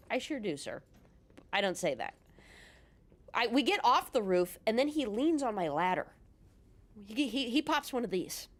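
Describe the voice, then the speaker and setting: Animated casual woman telling a story. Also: a little high, normal speed, long pauses. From California. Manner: casual, animated, swears and laughs. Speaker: gaming YouTuber. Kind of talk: storytelling over gameplay.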